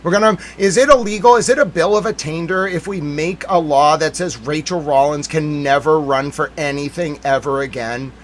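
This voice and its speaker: A man hosting a live stream, ranting in theatrical mock outrage and swinging between shouted lines and muttered asides. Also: a little high, normal speed, few pauses, slight background noise. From Massachusetts. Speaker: livestream host.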